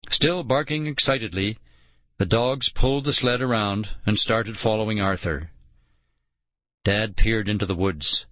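Male audiobook narrator, measured and unhurried; dry, close sound. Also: on the low side, a bit bright, no room sound. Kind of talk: scripted first-person narration.

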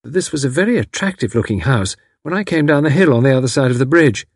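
A man's voice: medium pitch, animated, fast talker, husky, no echo, clean studio sound, voice pushed up. A man reading aloud, voicing a polite, curious lady who hesitates as she explains herself. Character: polite, curious middle-aged lady visitor.

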